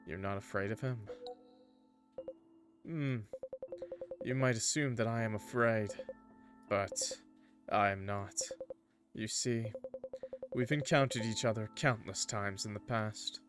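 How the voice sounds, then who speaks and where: A man voicing a sinister male entity who tempts with slow, drawn-out, menacing speech. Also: fairly low pitch, music in the background. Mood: amused menace.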